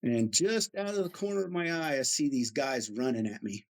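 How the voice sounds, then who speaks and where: A middle-aged Army veteran from the United States chats through stories in an interview, his mid-range voice moving at a moderate pace. Animated throughout, he mimics the people he quotes.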